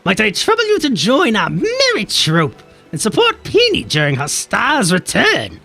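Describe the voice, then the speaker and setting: A man's voice: high voice, wildly swooping pitch, unhurried, gravelly, pushed and bright, soft background music, exaggerated voice. Man putting on a weary smoker-mum voice. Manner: reading game quest dialogue aloud in a put-on voice. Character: older chain-smoking mum, weary and homely.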